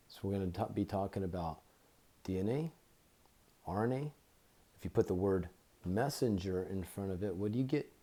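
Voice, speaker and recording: A man with a very low, mellow voice gives an informal Bible teaching, recorded on a phone. He talks slowly and deliberately, repeating key words to drive them home.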